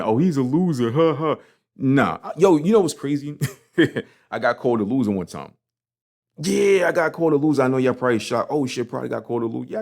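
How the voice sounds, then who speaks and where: A man hosting his own podcast, talking casually and passionately about failure, swearing often and repeating himself. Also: mid-range voice. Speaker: podcast host. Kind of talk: casual motivational monologue.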